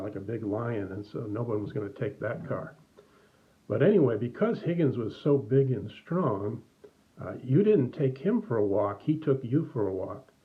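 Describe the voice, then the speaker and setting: A middle-aged man tells a story to children at a church service, bringing it to life with the voices he puts on along the way. His voice sits at an everyday pitch, and the recording sounds thin and tinny, as if heard over a phone line. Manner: animated, acts out voices. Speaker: children's message speaker. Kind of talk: storytelling to kids.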